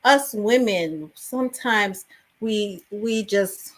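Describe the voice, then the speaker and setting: A woman, originally from England, telling stories in a lively interview conversation. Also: medium pitch, takes it slowly. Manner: animated storytelling with many fillers. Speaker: actress guest.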